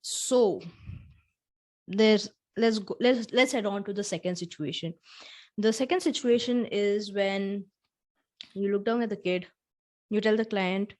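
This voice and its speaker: A woman's voice: medium pitch, measured pace, long pauses, a little mellow. A young adult woman hosting a solo podcast. She talks earnestly and straight to the listener, acting out small dialogues as she tells a story. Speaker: podcast host.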